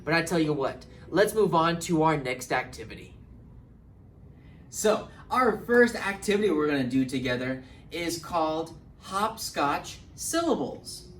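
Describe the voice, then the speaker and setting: A man hosts a children's storytime, his voice swooping up and down with lively encouragement as he takes it slow for the little ones. He sounds a bit distant in a roomy space, with a faint hum underneath. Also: on the high side. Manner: animated, encouraging, speaks slowly to little ones. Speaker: children's librarian.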